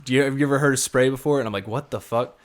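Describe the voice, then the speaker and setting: A young man in casual podcast chat, recounting a wild night with friends at a middle pitch. He talks animatedly, swears freely and laughs through his own story. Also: rapid-fire. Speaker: podcast co-host.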